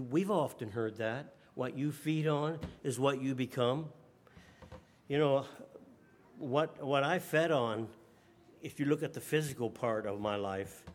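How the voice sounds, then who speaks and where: A man preaching a sermon, reading King James scripture and then exhorting his listeners. He goes soft and slow on key words and rises loud when he presses a point. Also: medium pitch. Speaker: pastor.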